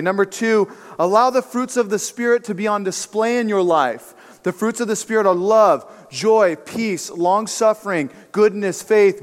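A man preaching with a slightly raised voice, conversational and emphatic, and he mixes casual asides into his sermon. The sound trails off with the long reverb of a church hall. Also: high-pitched. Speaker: pastor.

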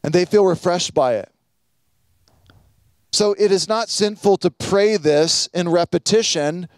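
A man preaching a sermon as pastor, teaching earnestly with quoted prayers and pauses. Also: sits high, smooth, no echo.

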